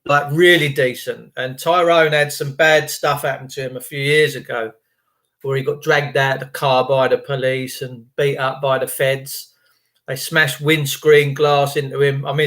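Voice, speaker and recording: A man's voice: medium pitch, fairly bright tone. A man telling a rambling story in a chatty, emphatic, repetitive way. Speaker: vlogger.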